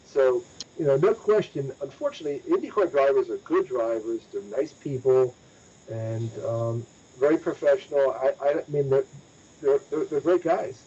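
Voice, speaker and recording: A man's voice: medium pitch, moderate pace, warm tone, breathy edge. A man hosting a motorsports podcast, talking casually and emphatically and repeating points for stress. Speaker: motorsports news podcast host. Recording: dull lo-fi audio.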